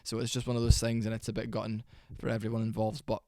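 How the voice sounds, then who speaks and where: A young man giving a casual, rambling reaction commentary, tired and low on energy, with fillers and swearing. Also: monotone, fast, mellow, dry recording. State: sleepy, worn out. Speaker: MMA reaction channel host.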